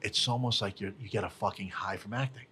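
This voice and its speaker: A man's voice: fairly low pitch, steady tone, fast, bright, forceful tone, slightly rough. A man hosting a casual podcast interview, enthusiastic and profane, encouraging his guest. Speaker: host.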